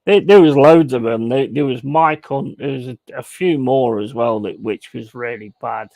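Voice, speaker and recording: Gravelly, sweary man. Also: mid-range voice, normal speed, warm tone, no room sound. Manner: blunt, crude and laughing. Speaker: streamer. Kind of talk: casual sweary storytelling while gaming.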